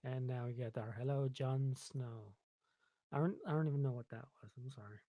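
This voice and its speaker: A man's voice: mid-range voice, quick pace, mellow, no room sound, lo-fi sound. A man hosting a coding tutorial, casually thinking aloud while he types, with lots of ums and self-deprecating asides. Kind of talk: casual screen-recorded coding walkthrough.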